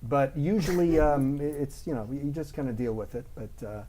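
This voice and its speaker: A Canadian man with a Canadian accent, appearing as a guest voice impressionist. He chats casually and jokes freely, landing quick punchlines. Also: mid-range voice, noisy background. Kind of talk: casual interview chat.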